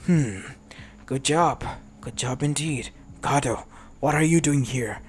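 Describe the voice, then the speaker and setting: A man's voice: mid-range voice, takes it slowly, slight background noise, lightly acted. A man doing a crude sneering rogue ninja boss. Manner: mocking and vulgar. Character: lecherous crude male rogue ninja leader.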